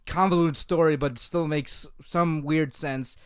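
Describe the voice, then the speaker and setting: A man in a relaxed podcast chat with a somewhat high, smooth, clear voice. He rambles playfully and repeats his words as he goes. The sound is dry and close. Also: measured pace, dry recording. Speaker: podcast co-host.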